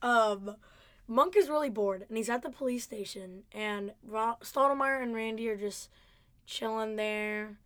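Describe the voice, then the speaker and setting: A woman's voice: a little high, measured pace, a bit bright, dry recording. A young woman co-hosting a casual podcast, gushing enthusiastically about a TV episode and laughing often. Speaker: podcast co-host. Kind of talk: casual chat recapping a TV episode.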